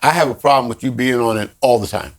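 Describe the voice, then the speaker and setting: A man co-hosting a podcast in casual conversation, halting and repeating words, often laughing. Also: mid-range voice. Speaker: podcast co-host.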